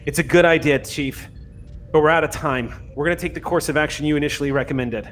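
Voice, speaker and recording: A man voicing a calm, firm female starship commander in a tabletop game, giving steady orders. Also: on the high side, quick pace, a little hiss or hum, natural voice. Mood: urgent orders.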